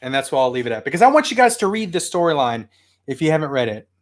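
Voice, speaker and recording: A chatty man talks through a toy haul at home in a casual, excitable way. His voice sits a little high and bounces around a lot. It sounds like an informal home video. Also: fast. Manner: chatty, excitable, yells at his barking dog. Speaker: toy collector vlogger.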